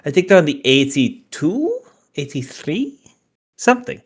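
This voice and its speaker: A woman's voice: low-pitched, very animated, unhurried, husky. A woman running a tabletop game as game master, teasing the players and laughing often.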